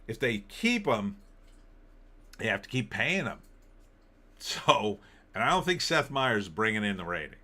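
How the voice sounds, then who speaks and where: A man's voice: lowish voice, very animated, a little slow, pauses often, sharp tone. A middle-aged man hosting a casual live-stream, rambling and opinionated as he reacts to entertainment headlines and viewer comments. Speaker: political commentary host.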